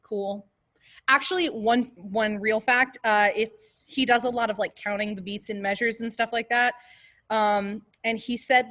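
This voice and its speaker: A woman leading an online choir class and warm-ups, talking casually and jokily with lots of fillers over a video call. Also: mid-range voice. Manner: casual, joking, chatty with many fillers.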